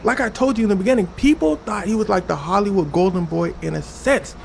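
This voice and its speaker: A man telling a comedic story in a slangy, animated way. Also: sits high, fast talker, vocal fry, slight background noise.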